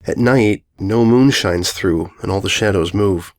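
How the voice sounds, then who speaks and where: A man narrating a first-person ghost story aloud, in a brooding, unhurried, musing way. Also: deep voice. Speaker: audiobook narrator.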